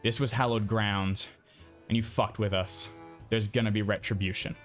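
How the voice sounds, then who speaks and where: A man voicing a stern older crime boss, speaking slowly and menacingly in broken English with an Italian accent. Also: on the low side, fairly even intonation, soft background music, close to an everyday voice. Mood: threatening. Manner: slow, threatening, broken English.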